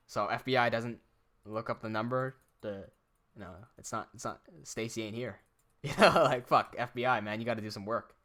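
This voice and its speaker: A young man talking loosely to his live-stream chat, with a bright, forward edge to his voice. He swears freely, laughs easily and lets his energy bounce around. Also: mid-range voice. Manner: animated, profane, laughs often.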